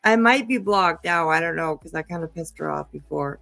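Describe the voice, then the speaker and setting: A woman's voice: sits low, moderate pace, creaky, a bit bright, no room sound. Woman, casual commentary, profane, mocking, dry close sound, faint background music. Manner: profane, mocking, laughs often. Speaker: commentary streamer.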